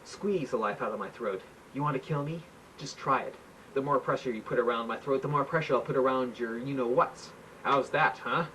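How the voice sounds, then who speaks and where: A man's voice: medium pitch, a little fast, sharp tone, natural voice. A man voicing a gloating, menacing male president who hisses taunting threats. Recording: faint hiss, mic far off.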